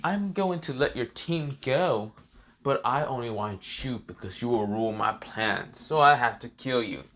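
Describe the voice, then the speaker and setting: A man voicing a sneering, snake-like male villain who taunts slowly and drags out his words. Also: mid-range voice, lively intonation, a bit bright. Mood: taunting.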